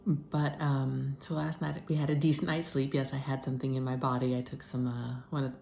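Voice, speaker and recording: Low-voiced emotional woman vlogging. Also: brisk, gravelly, roomy sound, slight background noise. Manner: emotional, shifts between whispers and animated retelling. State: tearful. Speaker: vlogger sharing her illness journey. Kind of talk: personal video diary, unscripted.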